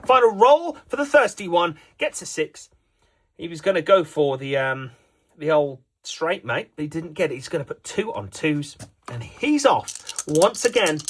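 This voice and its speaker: Lively man calling a dice game. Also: a little high, slight background noise. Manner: jokey, lively play-by-play. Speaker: host and commentator. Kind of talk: playful game commentary.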